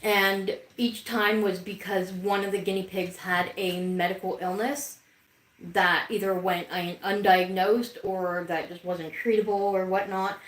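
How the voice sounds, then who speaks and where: A woman's voice: mid-range voice, flat delivery, measured pace, roomy sound, poor audio. A woman hosting a casual livestream, chatting with viewers and talking to her pets. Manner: chatty, reads viewer comments aloud, talks to her pets. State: has the hiccups. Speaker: livestream host.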